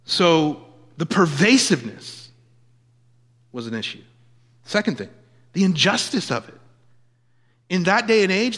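A man preaching a sermon in an emphatic way, swinging from loud declarations down to quiet asides. His voice sits a little high for a man. The long reverb of a large hall trails each phrase. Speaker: pastor.

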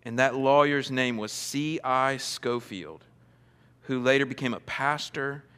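A man's voice: medium pitch, a little slow, fairly bright tone, smooth, long reverb tail. A male pastor preaching a sermon, earnest and emphatic, repeating phrases for stress, recorded in a large church.

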